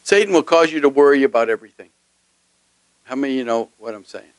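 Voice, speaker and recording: A man's voice: medium pitch, animated, quick pace, long pauses, clean tone, no echo, low-quality recording. A male pastor preaching a sermon emphatically, often putting questions to his congregation.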